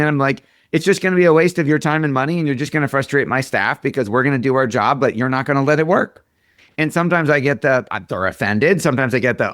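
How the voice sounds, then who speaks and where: A man's voice: medium pitch, fast, a bit bright, no echo, studio quality. A man in his forties, a marketing expert guest, talking casually and acting out quoted dialogue in his stories. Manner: storytelling, acts out quoted dialogue. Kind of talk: casual interview talk.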